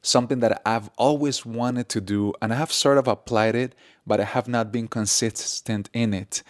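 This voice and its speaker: A man's voice: mid-range voice, clean tone, dry recording, clean studio sound. A man co-hosting a casual podcast conversation, earnest, laughing easily and repeating his points. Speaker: podcast co-host.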